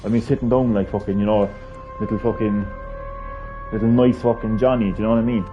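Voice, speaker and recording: A man's voice: on the low side, steady tone, fast, lo-fi sound, over music. An Irish man streaming a game, ranting casually and heatedly with lots of swearing. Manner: profane, heated, rambling. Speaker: gaming streamer.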